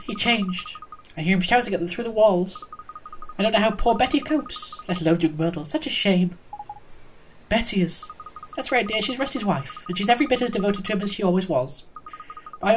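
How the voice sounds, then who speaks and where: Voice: mid-range voice, slight background noise, pitched above the performer's own voice, natural voice. A let's-play gamer voicing a gossipy old neighbor woman who calls everyone dear.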